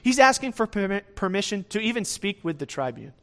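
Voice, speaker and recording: A male preacher teaches through a scripture passage in an easy, conversational sermon. His voice sits a touch higher than most men's. He leans into phrases with bursts of energy, then drops back down, and keeps checking in with his listeners. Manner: conversational, often asks "right?" to the listeners; lively swings in loudness, speeds up and slows down.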